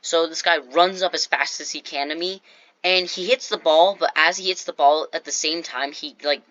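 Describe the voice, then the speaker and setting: A teenage boy chats to his viewers in a bright, sharp voice that sits close and dry. He rambles, fills gaps with "like" and restarts his sentences often. The recording is a little dull and lo-fi. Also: on the high side, fairly even intonation, normal speed, dry recording. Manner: rambling, talks straight to viewers with many "like"s and restarts. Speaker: vlogger. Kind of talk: casual storytelling to camera.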